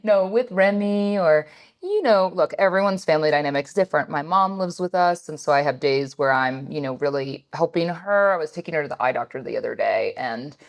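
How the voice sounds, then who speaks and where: A woman in her thirties chatting on a podcast, her voice sitting a little low. She tells family stories in an animated, rambling way, full of "like" and "you know.". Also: fairly quick. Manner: animated storytelling, many fillers. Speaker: podcast co-host. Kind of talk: casual chat.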